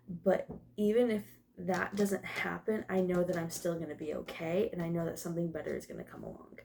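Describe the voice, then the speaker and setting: A woman's voice: mid-range voice, creaky, mellow. A young woman doing a casual tarot and oracle card reading, emotional, laughing often and swearing now and then. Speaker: tarot reader.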